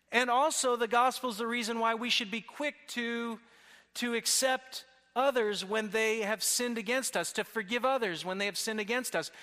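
A man's voice: high voice, sharp tone. A man preaching a sermon earnestly, often restarting his phrases. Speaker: pastor. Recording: long hall reverb.

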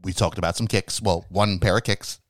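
A man's voice: low-pitched, steady tone, a little fast, no echo, clean studio sound. A man co-hosting a podcast in casual comedic chat, playful and often putting on a mock-fancy posh voice in sing-song. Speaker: podcast co-host.

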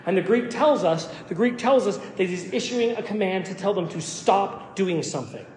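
High-voiced pastor preaching in echoey hall. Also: male voice, darkish tone, a little hiss or hum. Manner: emphatic, repeats words when starting phrases. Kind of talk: sermon. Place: church sanctuary.

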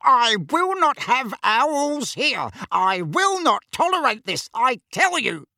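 A man's voice: sits high, sing-song, slow pace, no echo, studio quality, voice pushed up, heavily acted. A man doing a roaring, blustering middle-aged uncle. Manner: loud, roaring and indignant. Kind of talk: audiobook character voice.

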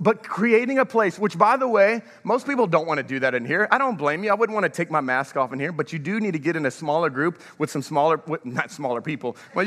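A male pastor with a high, bright, forceful voice preaches an energetic sermon. He keeps drawing the congregation to answer. His words ring out in the long reverb of a large church. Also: a little hiss or hum. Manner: energetic, calls for congregation response.

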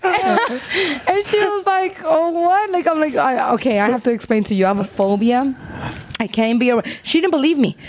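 A woman in her thirties telling a story in casual chat. She is animated and swears freely, and she acts out other people's lines in a higher voice. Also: moderate pace, a little hiss or hum. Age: 30s.

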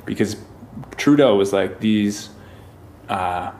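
Low-voiced rambling man in chat. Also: slow, a little mellow, poor audio. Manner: loose, rambling, profane storytelling. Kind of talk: casual podcast chat.

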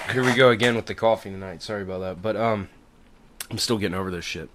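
Man, young adult, podcast host, casual rambling chat, lowish voice, faint noise. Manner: laid-back, rambling, swears casually.

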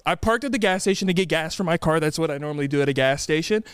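A man's voice: fairly high pitch, racing, clean tone, dry recording, clean studio sound. A man hosting a podcast, telling a story in casual chat and acting out the quotes with a raised voice. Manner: animated, acts out quotes in a raised voice. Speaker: podcast host.

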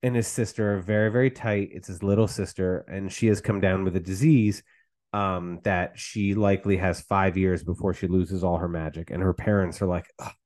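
A man's voice: low-pitched, fairly even intonation, normal speed, darkish tone. A man co-hosting a casual podcast, retelling events in a loose, rambling way with many fillers. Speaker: podcast co-host. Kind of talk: casual chat.

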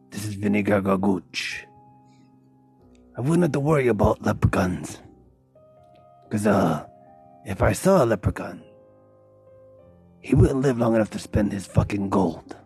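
A man's voice: on the low side, vocal fry, darkish tone, husky, exaggerated voice. A man voicing a tough-talking, violent male mobster in a comedic character voiceover, blunt, crude and menacing.

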